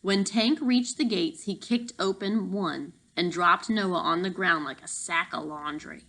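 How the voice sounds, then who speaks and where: A woman narrating a children's novel aloud, reading lively and voicing the characters. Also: on the low side, a little slow, rough recording. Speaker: audiobook narrator. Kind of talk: storybook narration.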